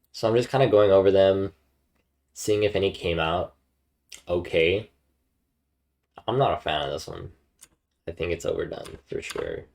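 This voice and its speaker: A man's voice: sits low, creaky. A young man and university student chatting casually with his viewers in a laid-back way, with lots of ums and uhs. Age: young adult. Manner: laid-back, many fillers. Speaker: streamer.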